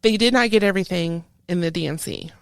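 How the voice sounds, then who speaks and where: A woman who is a military veteran, telling a painful personal story in an interview in halting speech full of restarts. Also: on the low side, clear, resonant tone, no echo, clean studio sound. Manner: halting, with many restarts, recounting a painful memory. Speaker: veteran guest.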